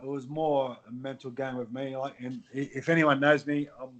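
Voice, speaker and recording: A man's voice: medium pitch, little pitch movement, moderate pace, dull audio. A middle-aged man with an Australian accent, telling his story as a podcast guest in a candid, blunt way with some swearing. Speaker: guest, former athlete. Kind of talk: casual podcast chat.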